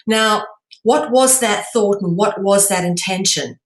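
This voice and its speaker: Woman, mid pitch, measured explanatory talk, frequent ums, reverberant room. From South Africa. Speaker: presenter. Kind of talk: lecture-style presentation.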